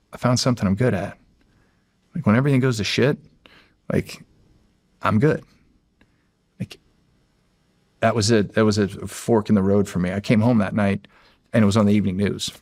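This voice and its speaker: A middle-aged man from the United States, a former Navy SEAL, telling a story in a casual, halting way with many restarts. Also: on the low side, darkish tone, dry recording, studio quality. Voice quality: gravelly, husky voice.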